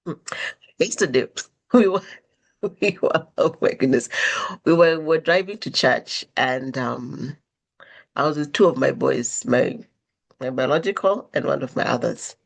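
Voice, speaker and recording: A woman's voice: rumbling low, measured pace, vocal fry, pauses often, slightly rough. A woman hosting a podcast, telling stories in a conversational way and acting out the quoted dialogue with changing intonation. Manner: animated, acts out quoted dialogue with shifting intonation. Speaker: podcast host. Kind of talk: conversational storytelling monologue.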